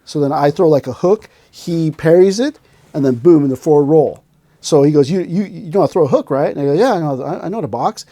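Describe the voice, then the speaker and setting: A man's voice: on the high side, fast, dark tone, no echo. A man hosting a podcast, telling stories in casual chat and acting out scenes with sound effects and quoted voices. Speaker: podcast host.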